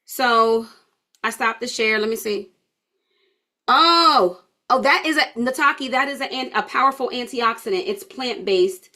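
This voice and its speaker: Tired woman coach, higher pitch, casual live-class banter. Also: unhurried, pushed and bright. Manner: chatty and informal, addressing viewers as y'all. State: tired, yawning. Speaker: holistic health coach. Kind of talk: live online class, casual talk to viewers.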